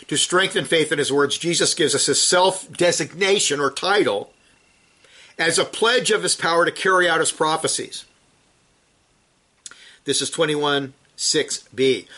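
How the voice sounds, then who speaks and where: A man delivering a sermon from scripture, his voice sitting a little higher than most men's. He preaches with emphasis, swelling to forceful peaks before sinking low and quiet again. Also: measured pace, pauses often.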